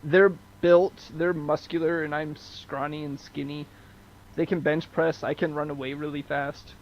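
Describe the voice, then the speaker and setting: A man's voice: on the high side, level tone, a little slow, a little hiss or hum. Teasing American man on lo-fi call. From United States. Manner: teasing, self-deprecating. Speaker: podcast co-host. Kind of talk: casual group chat.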